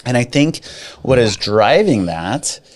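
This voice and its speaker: A man co-hosting a casual podcast about mortgages, talking in an animated way with jokey asides and emphatic repeats. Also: mid-range voice, takes it slowly. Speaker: podcast co-host, mortgage adviser. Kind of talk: casual chat.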